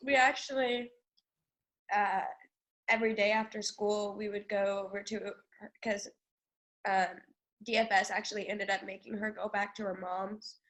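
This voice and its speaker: A woman taking part in a spiritual reading, speaking hesitantly with halting fillers. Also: mid-range voice, steady tone, a bit bright. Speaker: reading participant.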